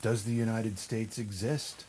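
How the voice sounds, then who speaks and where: A man hosting a live ghost hunt, narrating and asking slow, deliberate questions to spirits. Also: fairly low pitch, little pitch movement, warm tone, slight background noise, rough recording. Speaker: paranormal investigator host.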